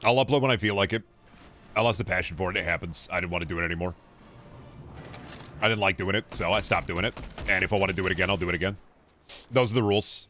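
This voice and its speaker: A man in his twenties with a slightly low voice rambles through a game stream, swearing and joking. He talks back to his chat between plays in a loose, casual way. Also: fast, long pauses, pushed and bright, faint music behind. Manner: rambling, profane and jokey. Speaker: gaming streamer. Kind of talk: casual gaming livestream chatter.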